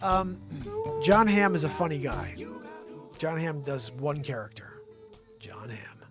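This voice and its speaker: A man with a fairly high voice hosts a casual livestream, greeting viewers by name with animated energy. Music plays clearly behind him as he talks into his desk mic. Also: measured pace. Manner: animated, loud shout-outs to viewers. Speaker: host.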